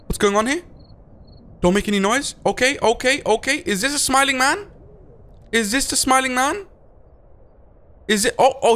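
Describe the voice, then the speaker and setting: A young man hosting a gaming video, giving excitable, jumpy gameplay commentary and talking to his viewers. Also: extremely high pitch.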